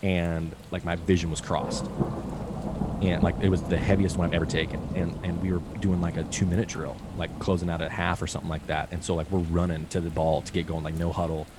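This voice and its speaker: A man's voice: deep voice, level tone, fast talker. A man in his late twenties telling stories in a rambling casual chat, full of "like.". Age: 20s. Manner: rambling, many "like"s. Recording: noisy rain in background.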